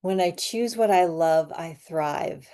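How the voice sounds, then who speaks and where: A woman guiding an EFT tapping session, slowly speaking affirmations in a soothing way for listeners to repeat. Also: fairly low pitch, mellow. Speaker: tapping and meditation guide.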